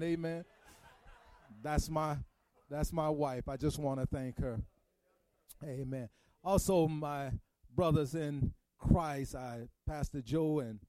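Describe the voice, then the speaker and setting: A man delivers a sermon, his voice sitting high yet soft and mellow in tone. The sound is dry and close, with little room echo, and he talks in a folksy, conversational way, straight to the congregation. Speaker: guest preacher. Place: church sanctuary.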